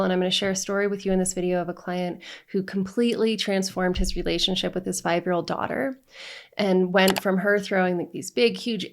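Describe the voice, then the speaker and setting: Brief: female divorce coach, earnest and direct, a bit of vocal fry. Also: mid-range voice, darkish tone. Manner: earnest, repeats "right?" and lists emotions in long runs. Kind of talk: direct-to-camera coaching talk.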